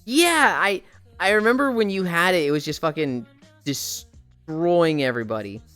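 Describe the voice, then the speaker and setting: A woman streamer chatting casually while walking on a treadmill, telling animated, profane stories and sounding tired. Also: on the low side, moderate pace, soft background music.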